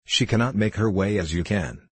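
A man's voice: normal speed, fairly bright tone, breathy edge, dry recording. A man reading a frail dying mother. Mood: weak, anxious. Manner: low, weak voice.

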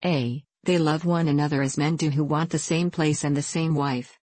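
A woman reading the lines of a merry, mischievous young female innkeeper's daughter in a storybook, teasing and playful, in a low voice. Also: steady tone, normal speed, a little mellow, dry recording.

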